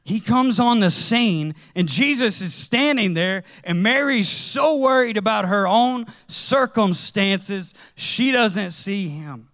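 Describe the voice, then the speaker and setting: A man preaching a sermon in a conversational, animated way, with casual slang as he tells stories. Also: sits high, slow pace, few pauses.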